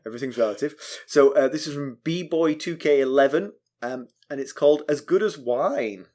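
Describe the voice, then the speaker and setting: A man's voice: medium pitch, normal speed, darkish tone. A man co-hosting a book podcast, wry and hesitant, often restarting his sentences. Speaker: podcast co-host. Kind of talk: casual podcast chat.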